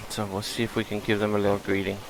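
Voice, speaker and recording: A man's voice: lowish voice, monotone, fast talker, vocal fry, background noise. A man hosting a gaming video, chatting casually and thinking aloud as he plays. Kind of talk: relaxed gameplay commentary.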